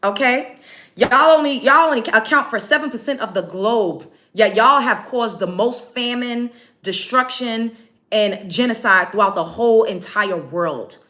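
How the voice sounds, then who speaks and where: A woman's voice: a little high, unhurried, bright, forceful tone. A woman hosting a casual livestream from home while doing her makeup, brash and confrontational as she reads out comments. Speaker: livestream host.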